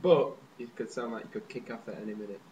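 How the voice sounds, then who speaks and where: A young man from Leeds co-hosting a casual chat show, making dry deadpan quips. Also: lowish voice, fast, highs cut off, noisy background. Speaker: podcast co-host.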